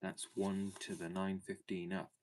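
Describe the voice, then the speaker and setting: A friendly, gabby railway porter with a broad country dialect, as a man puts him on for a storybook. He rambles along in a homely way, his voice sitting very low. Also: flat delivery, unhurried, a little mellow. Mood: chatty. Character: chatty working-class male railway porter.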